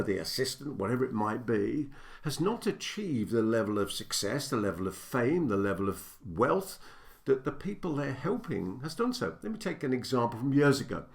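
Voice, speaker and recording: A man's voice: mid-range voice, creaky. An older man, a business coach, giving a direct-to-camera teaching talk, stressing his points and building them in repeated lists.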